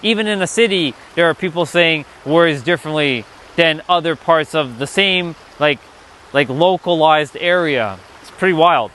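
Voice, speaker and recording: A man's voice: fairly high pitch, moderate pace, fairly bright tone, slight background noise. A man hosting a casual spiritual livestream, rambling loosely, reading the chat and swearing now and then.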